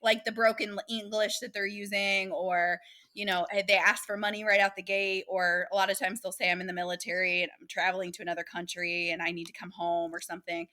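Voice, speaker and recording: A woman's voice: medium pitch, flat delivery, fairly quick, sharp tone. A woman, animatedly telling dating stories as a guest in a casual interview and acting out the voices of the people she quotes.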